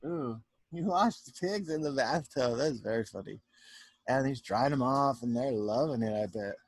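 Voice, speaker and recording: A male teacher reading a picture book aloud to children on a home video, chatty and animated, often stopping to talk to the kids about the pictures. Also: medium pitch, moderate pace, no echo. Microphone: home video recording.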